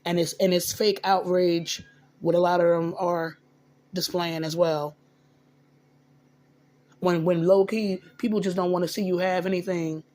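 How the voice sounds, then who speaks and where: A man's voice: high voice, little pitch movement, unhurried, pauses often, a little mellow. Rambling man talking into a phone. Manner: rambling, with many restarts and repeated words. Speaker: vlogger. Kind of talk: casual personal monologue.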